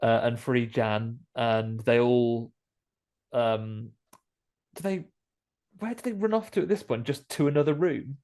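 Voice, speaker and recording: Brit guy on a horror podcast, chatty, jokes around, normal pitch. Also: unhurried, long pauses, darkish tone. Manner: chatty, jokey, acts out quoted lines. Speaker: podcast co-host. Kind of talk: casual film recap chat.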